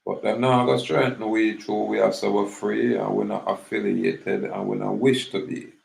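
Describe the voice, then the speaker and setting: Gravelly Jamaican man rambling in patois. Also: on the low side, flat delivery, normal speed, roomy sound, rough recording. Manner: rambling, mixes patois with English, acts out little scenes. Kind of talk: casual monologue commentary.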